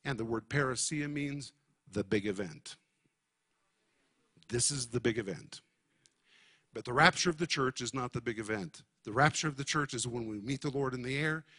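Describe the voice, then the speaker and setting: A man teaching a sermon on the Bible, emphatic and deliberate, spelling out Greek words for his listeners. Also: mid-range voice, pushed and bright, husky.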